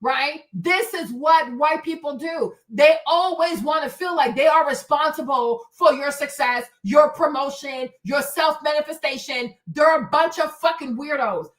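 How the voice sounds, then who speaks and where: A woman's voice: high-pitched, a little slow, few pauses. A woman hosting a livestream, ranting in a heated, profane way and hammering her points through repetition. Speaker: show host. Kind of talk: livestream commentary rant.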